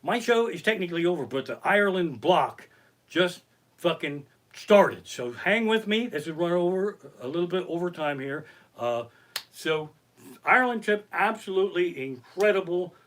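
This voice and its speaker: Brief: high, bright-voiced man doing stand-up stories at home, swearing freely, very animated. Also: normal speed. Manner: profane, animated anecdotes. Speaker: comedian. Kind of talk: stand-up storytelling on a live stream. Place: his living room. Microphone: basic home setup.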